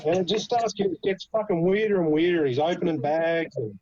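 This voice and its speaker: A man with an Australian accent, a podcast guest telling an animated story full of swearing. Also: fairly high pitch, fairly quick, dull audio. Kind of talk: casual storytelling.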